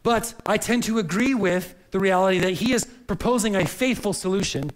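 A man's voice: high voice, a little fast, poor audio. A man preaching a sermon in an earnest, searching way, often repeating words as he reaches for the next phrase. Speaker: pastor.

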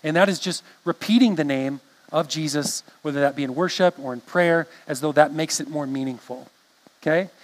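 A man's voice: fairly high pitch, normal speed, low-quality recording. A man preaching a sermon in a conversational way, often restarting phrases and checking in with the congregation. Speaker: pastor.

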